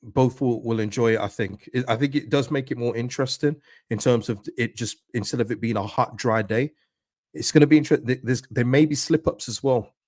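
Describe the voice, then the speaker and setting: A man hosts a live football watchalong, talking in an ordinary mid-range voice. He swings between excited reactions and pleading with the players, and reads out and answers his viewers' messages. The sound is dry, with no room echo. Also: mid-range voice, fairly quick.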